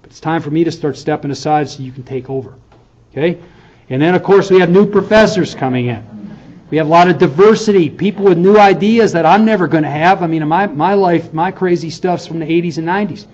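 A man's voice: a little high, a little fast, darkish tone, muffled recording. A middle-aged man, a university professor, giving a heartfelt farewell lecture in a conversational, earnest way, often checking in with "okay?". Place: lecture hall.

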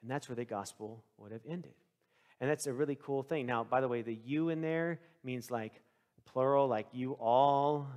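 A male pastor preaching a sermon, telling the story with lively swings into the voices of the people in it. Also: mid-range voice, normal speed. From Texas.

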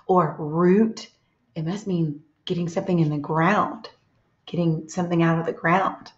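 A woman teaching a reading lesson to young children, reading aloud slowly and gently and stopping to ask them questions. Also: fairly low pitch, fairly even intonation. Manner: slow, gentle, asks children questions and pauses. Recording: echoey, dull lo-fi room sound.

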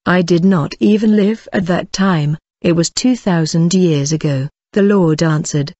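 A woman's voice: fairly low pitch, a little slow, few pauses, warm tone, no echo. Woman sharing a heartfelt faith testimony; dry, muffled lo-fi recording. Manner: earnest, addresses listeners directly. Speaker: testimony speaker. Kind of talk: personal religious testimony.

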